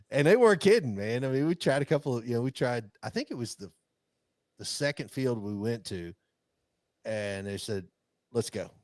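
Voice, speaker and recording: A man's voice: mid-range voice, expressive, moderate pace, pauses often, darkish tone, no echo. A man co-hosting a podcast, rambling through a hunting story with lots of restarts and chuckles. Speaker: podcast co-host. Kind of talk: casual chat.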